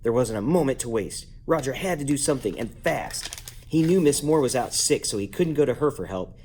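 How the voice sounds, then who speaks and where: A man reading a children's book aloud at bedtime at home, lively and playful, jumping up in pitch to give each character a voice. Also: brisk, a little hiss or hum. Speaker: parent reading a bedtime story. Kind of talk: bedtime story read-aloud.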